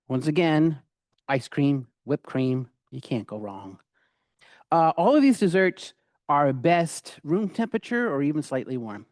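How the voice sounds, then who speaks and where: A man's voice: on the high side, a little mellow, dry recording, clean studio sound. A middle-aged man giving a casual, rambling cooking demonstration, with many fillers and restarts. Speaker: cooking instructor.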